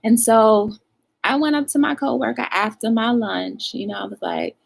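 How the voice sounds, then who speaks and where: A woman's voice: on the high side, normal speed, vocal fry. A woman hosting a live talk show, telling a story and acting out both sides of the dialogue, and calling her viewers y'all.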